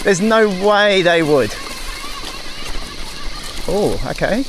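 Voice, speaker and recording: A man's voice: high-pitched, animated, very slow, noisy background. A man with an Australian accent, a cycling vlogger chatting casually to viewers and himself while riding outdoors, full of exclamations and "mate". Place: rural bush trail, outdoors.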